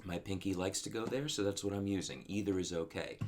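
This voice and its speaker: A man with a low voice walks through a guitar part step by step, steady and methodical. He counts beats and hums rhythms aloud, and loud guitar playing sits under his words. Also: brisk. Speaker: guitar teacher. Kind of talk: guitar lesson walkthrough.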